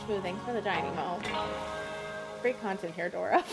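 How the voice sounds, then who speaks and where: A woman streams a game live, chatting casually with viewers, swearing freely, and reading the game's lines aloud. Her voice is medium-pitched and creaky at a normal speed, heard over music.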